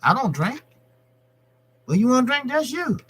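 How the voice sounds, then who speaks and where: A man's voice: very high voice, sing-song, normal speed, fairly bright tone, breathy edge. A man hosting his own boxing channel, talking on a live stream in a loose, profane, repetitive way. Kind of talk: casual live-stream rant.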